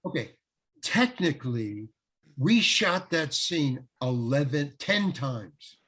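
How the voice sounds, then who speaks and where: An older man, a guest actor, telling a lively anecdote in an interview, acting out the quotes and laughing often. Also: on the high side, slow pace, slightly rough. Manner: animated storyteller, acts out quotes, laughs often. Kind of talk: storytelling in an interview.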